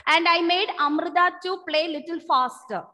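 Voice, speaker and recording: High-voiced woman teaching with echo. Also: sharp tone, a little hiss or hum. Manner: patient, repeats key terms slowly for dictation. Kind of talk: online class lesson.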